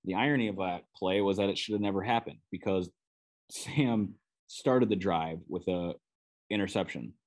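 A man's voice: low-pitched, normal speed, a little mellow. A man with a Minnesotan accent, a sports beat writer, talking through football analysis on his podcast in a loose, conversational way with frequent restarts.

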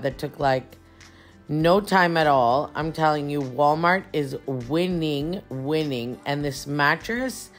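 A middle-aged woman, chatting casually to camera in an animated way, laughing often and restarting her sentences. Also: sits low. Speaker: home decor vlogger. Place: home bedroom.

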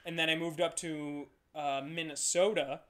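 A man's voice: fairly high pitch, steady tone, moderate pace, fairly bright tone. A man from Ohio, a comedian and podcast co-host, in loose, profane, self-mocking casual banter. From Ohio, USA.

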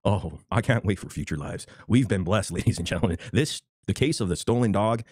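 A man's voice: on the low side, animated, a little fast, a little mellow, dry recording. A man streaming his reactions to a clip, mocking and profane, laughing often. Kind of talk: casual reaction commentary.

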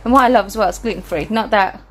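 Speaking quickly in a medium-pitched, somewhat bright voice, a family vlogger with a British accent goes through items one at a time. She's casual and a little breathless as she talks on her vlog.

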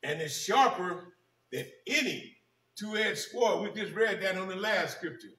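A male pastor delivers a sermon in a bright, forceful voice, pressing on key words and repeating them for weight. He slows down whenever he reads scripture aloud. The sound is roomy and echoey, picked up from some distance off the mic. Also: high-pitched, expressive.

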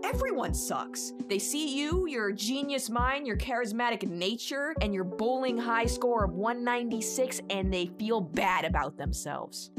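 A woman voicing a smug, self-centered female talking smartphone in a cartoon, sarcastic and self-pitying. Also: on the high side. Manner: sarcastic and self-pitying, quick mood swings. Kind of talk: cartoon voice acting.

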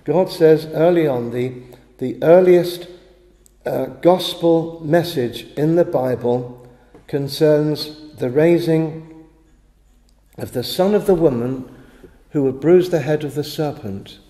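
Male pastor, sermon, dark mellow voice, halting restarts, roomy chapel echo. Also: a little high. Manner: measured preaching with halting restarts. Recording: echoey chapel with long reverb.

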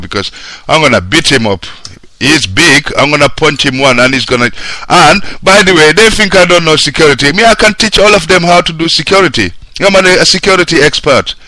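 A man's voice: a little high, bright, forceful tone. A man hosting a radio show, talking alone into a studio mic in a heated, repetitive rant. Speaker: radio presenter. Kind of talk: radio talk monologue.

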